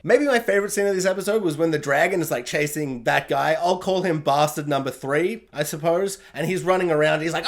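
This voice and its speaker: A man ranting through a spoilery TV review in casual, sarcastic chat. His pitch swings widely and his tone stays jokey. He keeps breaking off into animated asides. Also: fairly quick. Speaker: TV review host.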